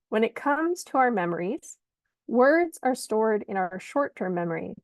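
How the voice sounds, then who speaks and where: A woman giving an online lesson on designing pitch slides, speaking clearly and emphatically like a teacher. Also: no echo. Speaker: pitch coach. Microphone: video call.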